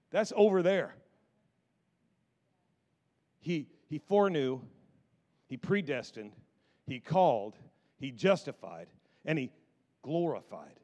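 A man preaching a sermon in an animated, repetitive style that builds in emphasis. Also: sits high.

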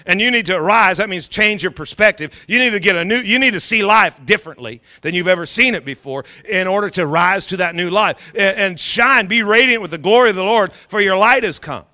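Bright, high-voiced fervent male preacher. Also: fairly quick, few pauses. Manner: fervent, repeats phrases for emphasis, urges the congregation. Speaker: pastor. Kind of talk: sermon.

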